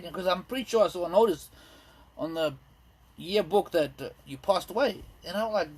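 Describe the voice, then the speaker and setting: A man in his thirties doing a rambling, self-deprecating stand-up set, full of ums and pauses. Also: a little high, animated, a little mellow. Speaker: stand-up comedian. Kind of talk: stand-up set streamed live. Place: indoors at home.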